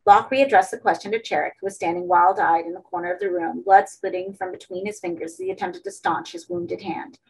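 A woman reading a horror story aloud as an audiobook, in steady narration. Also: lowish voice, fairly quick, creaky, hardly any pauses, husky, rough recording. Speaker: audiobook reader.

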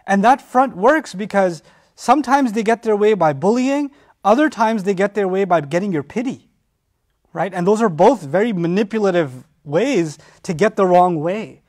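A middle-aged man giving a lecture on scripture, animated, often acting out the voices of the people in the story. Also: high-pitched, moderate pace. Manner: animated, acts out quoted voices. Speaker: Quran teacher.

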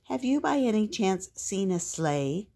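A woman voicing a pair of worried reindeer in a storybook, loud, polite and gloomy. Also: medium pitch, very animated, measured pace, gravelly, pitched above the performer's own voice, heavily acted.

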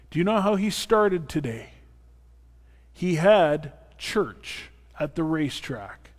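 A man preaching a sermon as pastor, earnest and personal with playful asides. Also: fairly high pitch. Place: church sanctuary. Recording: long reverb of a church hall.

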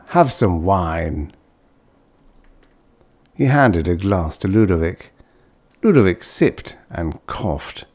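Male audiobook narrator, low and expressive, reads old science fiction. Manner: voices characters with raised pitch. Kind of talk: scripted narration of a vintage science fiction story.

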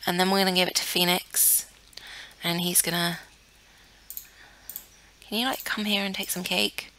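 A woman's voice: lowish voice, flat delivery, moderate pace, sharp tone. A young woman giving casual commentary on a life-sim game, chatty and easily flustered, talking to the characters on screen. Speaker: let's play gamer.

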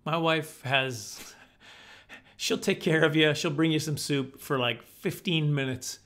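A middle-aged man with a slightly high voice tells stand-up comedy stories. He is animated and self-deprecating, and he often breaks into acted-out voices. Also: takes it slowly.

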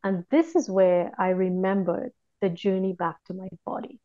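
A woman recounting a personal experience in a reflective, hushed way, often pausing and restarting her sentences. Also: mid-range voice, no echo, dull audio. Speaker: guest recounting a near-death experience. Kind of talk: personal testimony, casual storytelling.

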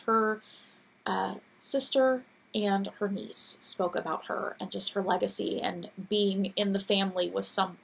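A woman's voice: medium pitch, gravelly. A woman in her thirties hosting her own show, chatting casually and gushingly, her voice a little scratchy. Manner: chatty, gushing, laughs often. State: teary. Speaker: podcast host. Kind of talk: casual chat.

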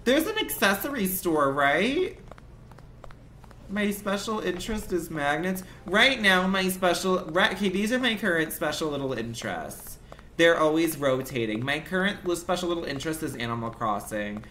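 A man's voice: on the high side, sing-song, normal speed, sharp tone, a little hiss or hum. Campy, profane young man streaming a game. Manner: campy, dramatic, profane rants. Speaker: livestreamer. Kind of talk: casual game commentary.

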